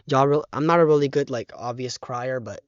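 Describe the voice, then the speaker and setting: A teenage boy talking haltingly in a casual vlog, close to tears, with many fillers and restarts, on a dull, muffled microphone. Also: medium pitch, clear, resonant tone, no echo. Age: teens. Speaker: vlogger.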